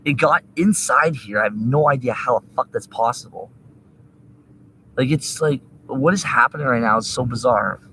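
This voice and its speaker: A man's voice: medium pitch, normal speed, bright, forceful tone, slight background noise, poor audio. A young man ranting profanely into a laptop webcam during a rambling livestream, agitated and cursing. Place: indoors at a laptop. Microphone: laptop webcam mic.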